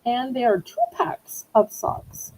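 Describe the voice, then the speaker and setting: A woman's voice: fairly high pitch, takes it slowly, darkish tone, a little hiss or hum, poor audio. A woman with a Southern US accent running a live online auction, chatty and playful, teasing herself as she sells. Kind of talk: live-stream auction chat.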